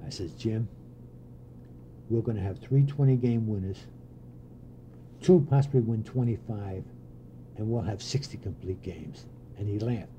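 Older man telling old stories, dark voice. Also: on the low side, a little slow, pauses often, a little hiss or hum. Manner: animated anecdotes with voiced quotes and laughs. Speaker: former pitching coach. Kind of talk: storytelling interview.

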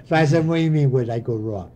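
An older man, a former pitching coach, telling anecdotes in an interview and voicing the people he quotes. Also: slight background noise. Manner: animated anecdotes with voiced quotes and laughs. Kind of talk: storytelling interview.

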